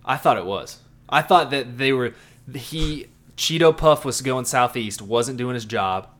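A man's voice: mid-range voice, measured pace, fairly bright tone. A man co-hosting a casual anime podcast, easygoing and agreeable, often answering briefly. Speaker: podcast co-host. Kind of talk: casual anime recap chat.

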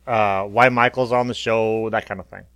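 A man's voice: fairly low pitch, normal speed, clean tone, no room sound. A middle-aged man telling stories in casual, profane podcast chat. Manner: profane, animated storyteller. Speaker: podcast co-host.

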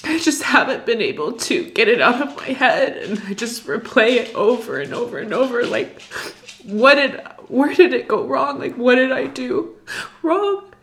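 Young woman, slightly high voice, shaky and hurt, rambling confessional with constant restarts. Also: animated, a bit bright. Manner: upset, halting, many "like" fillers and restarts. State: distressed, near tears. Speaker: storyteller. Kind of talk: emotional personal story, confessional.

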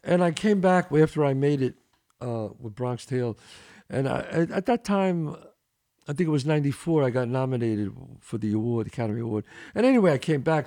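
Ożywiony mężczyzna z akcentem z Brooklynu, chrapliwy głos. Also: male voice, a little high, vocal fry. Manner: animated, swearing, acts out dialogue. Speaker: podcast host. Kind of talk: storytelling in casual interview.

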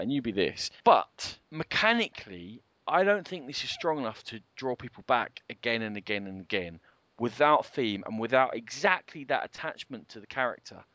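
A man's voice: medium pitch, fairly bright tone, no room sound. A man co-hosting a podcast about games, talking casually at length and with emphasis. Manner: talkative, rambling, emphatic. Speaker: co-host. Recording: dull lo-fi podcast audio.

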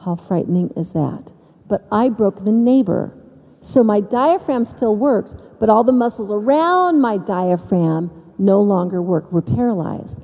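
A woman telling her personal faith story to an audience, with dramatic pauses and emphasis. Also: mid-range voice, dark tone, long reverb tail. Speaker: speaker giving faith testimony. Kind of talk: personal testimony speech.

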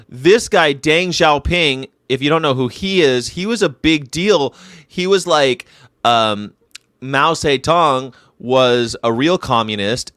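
A man's voice: medium pitch, a bit bright, no room sound. Irreverent, rambling man on a dry mic. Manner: irreverent, rambling, swears and jokes. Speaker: show host. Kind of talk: casual commentary on history facts.

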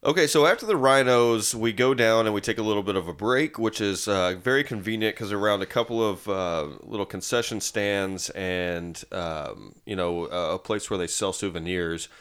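A man's voice: lowish voice, normal speed, hardly any pauses, fairly bright tone, clear, resonant tone. A man and parent co-hosting a casual podcast, recounting a day out in a meandering way and laughing often. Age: adult parent. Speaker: podcast co-host.

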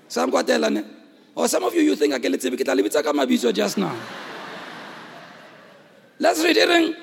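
High, gravelly South African preacher man. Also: slight background noise. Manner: fervent preaching with shouted emphasis and call-and-response. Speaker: pastor. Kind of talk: sermon. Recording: echoey hall reverb.

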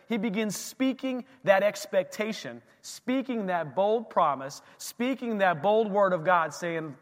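High-voiced man preaching in an echoing church. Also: moderate pace, hardly any pauses, a bit bright. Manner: emphatic, repeating key phrases with swings in volume. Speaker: pastor. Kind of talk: sermon. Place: church sanctuary. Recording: long reverb of a church hall.

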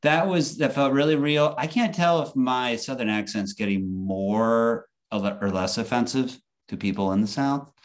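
A man's voice: medium pitch, moderate pace, few pauses. A man hosting a casual podcast chat in a jokey, easygoing way.

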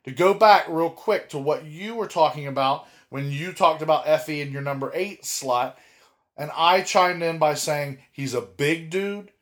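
A man co-hosting a casual wrestling podcast, talking animatedly with emphatic, drawn-out words and frequent restarts. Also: a little high. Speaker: podcast co-host.

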